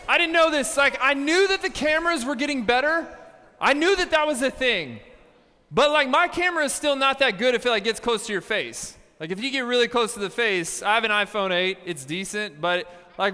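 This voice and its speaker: Animated young man preaching in a hall. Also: extremely high pitch, smooth. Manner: animated storytelling with playful asides. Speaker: youth pastor. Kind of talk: youth camp sermon. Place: large hall with a live audience.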